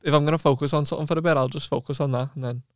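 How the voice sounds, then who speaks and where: A man's voice: fairly high pitch, steady tone, racing, dry recording, clean studio sound. A young man, a podcast guest, chatting in a laid-back, reflective way. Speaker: guest, Muay Thai fighter. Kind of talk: casual chat.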